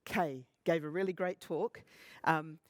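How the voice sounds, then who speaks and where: A man in his fifties giving a conference talk, animated and humorous, often acting out other people's remarks. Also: a little high, a little slow, no room sound. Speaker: conference speaker. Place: conference stage.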